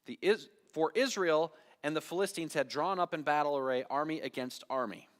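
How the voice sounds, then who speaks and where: A man's voice: on the high side, fairly quick. A man preaching a sermon as pastor, telling a Bible story dramatically and putting questions to the congregation. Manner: dramatic storytelling, acting out biblical voices, asking the congregation questions. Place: church sanctuary. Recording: long hall reverb of a church.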